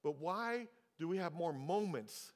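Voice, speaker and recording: A man's voice: expressive, measured pace. A man in his sixties preaching a sermon, telling a story and acting out its dialogue. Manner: storytelling, acts out dialogue with pitch jumps. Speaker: pastor. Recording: long hall reverb.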